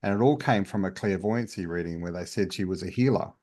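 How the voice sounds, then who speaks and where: Low-pitched guy, earnest, stops and restarts a lot, chatty interview guest. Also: fast talker, darkish tone. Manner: earnest, open storytelling with many restarts. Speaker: guest, spiritual healer. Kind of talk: casual interview chat.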